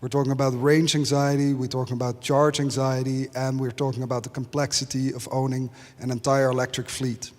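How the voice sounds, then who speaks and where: A man's voice: level tone, a little fast, hardly any pauses, darkish tone. Confident panelist man in a big hall. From Netherlands. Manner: crisp, confident pitch with dry humor. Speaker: company founder, panelist. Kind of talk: conference panel answer. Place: conference stage in a large hall. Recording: long reverb of a large hall.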